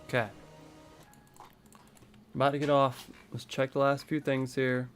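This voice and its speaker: A man's voice: medium pitch, little pitch movement, unhurried, faint music behind. A man live-streaming a building game, thinking aloud in a rambling, casual way.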